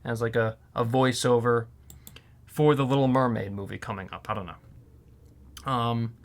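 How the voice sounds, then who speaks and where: A man's voice: medium pitch, steady tone, unhurried, long pauses. A man who is a voiceover artist, talking casually in a rambling way, his voice strained and worn out. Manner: rambling, with many fillers and restarts. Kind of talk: casual vlog talk.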